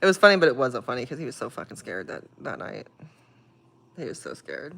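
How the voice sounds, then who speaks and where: A woman's voice: extremely low pitch, sing-song, fairly quick, vocal fry, fairly bright tone, a little hiss or hum. Woman casually chatting on her livestream. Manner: swears freely, laughs often, emotional storytelling. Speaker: livestream host.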